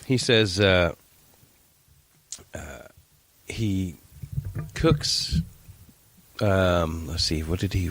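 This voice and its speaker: A middle-aged man co-hosting a casual podcast, telling a family story and acting out the quotes. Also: deep voice. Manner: animated storyteller, acts out quotes. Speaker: podcast co-host. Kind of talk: casual chat.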